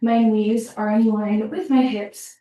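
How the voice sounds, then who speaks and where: Her voice sits a little high, mellow and steady, and she takes things slowly while leading a pilates session, panting through rep countdowns and words of encouragement. The sound is echoey, captured by a laptop far across the room.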